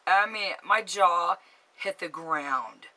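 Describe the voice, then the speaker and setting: A woman's voice: lowish voice, takes it slowly, bright, forceful tone. A woman vlogging, telling a story in a chatty, gossipy way, acting out both sides of a phone call, swearing casually and giggling along.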